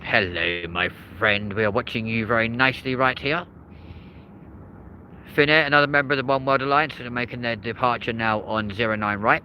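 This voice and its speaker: A man's voice: mid-range voice, steady tone, normal speed, bright, forceful tone, a little hiss or hum, rough recording. A man hosting a live aviation stream outdoors by a runway, chatting casually with viewers and reading their comments. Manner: chatty, reads chat aloud, addresses viewers as mate and folks. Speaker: aviation livestream host.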